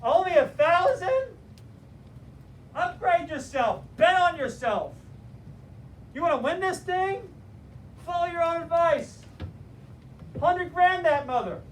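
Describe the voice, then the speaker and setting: Brash, excited younger self, put on by a man, high and pushy, recorded from afar. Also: slow, pauses often, far from the mic, a little hiss or hum, heavily acted, poor audio. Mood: urging. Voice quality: raised, exclaiming voice.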